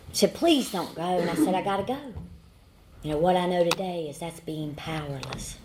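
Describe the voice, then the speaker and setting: A woman's voice: sits low, noisy background. A woman in her forties with a Southern American accent, sharing her recovery story at a meeting in a folksy, humorous way. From Southern United States. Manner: folksy storytelling with repeated phrases and dry humor. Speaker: AA speaker. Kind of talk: recovery testimony talk.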